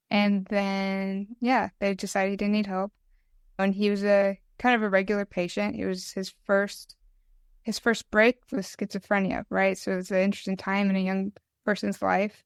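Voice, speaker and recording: A woman reads her own poem in a smooth, clear voice that stays flat and restrained, her delivery halting and tearful. The sound is dry and close, with no room around it. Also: mid-range voice, dry recording. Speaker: podcast guest, mental health advocate. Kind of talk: reading her own poem aloud, then conversational interview.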